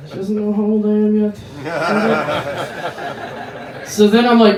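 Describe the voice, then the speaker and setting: A man's voice: sits high, expressive, a little mellow. American man doing crude stand-up. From United States. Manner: crude, rambling storytelling with quick voice switches. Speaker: stand-up comedian. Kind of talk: stand-up set. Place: bar comedy stage. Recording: echoey bar, mic heard from a distance.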